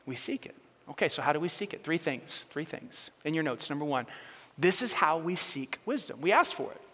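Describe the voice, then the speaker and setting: A man's voice: on the high side, lively intonation, a little fast, pushed and bright, slightly rough. A pastor preaching a sermon, emphatic and repetitive, calling on his congregation to join in. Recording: long hall reverb.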